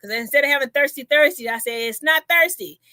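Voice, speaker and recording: A woman's voice: sits high, quick pace, dry recording, clean studio sound. A woman comedian hosting a casual livestream chat, straight-talking. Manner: straight-talking, loud bursts of laughter.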